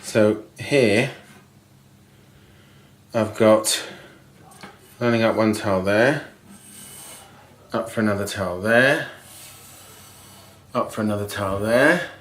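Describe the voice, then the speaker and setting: A DIY host with a fairly low, slightly bright voice takes it slowly, leaving long pauses as he casually explains tiling step by step, with ums and restarts. He's indoors in a bathroom being refurbished, and the roving camera mic gives a roomy sound.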